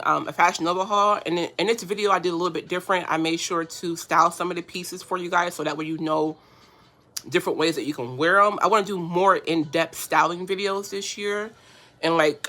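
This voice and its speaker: A bright-toned woman hosting a live makeup stream from home. She is chatty and easily touched as she answers viewers' comments. Her voice comes through a phone's front camera, close and personal. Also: on the low side, fairly even intonation, a little fast. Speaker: beauty livestream host. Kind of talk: casual livestream chat while doing makeup.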